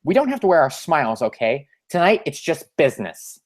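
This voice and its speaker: A man's voice: on the high side, big pitch swings, brisk. A man voicing a cool, curt businesswoman from a comic.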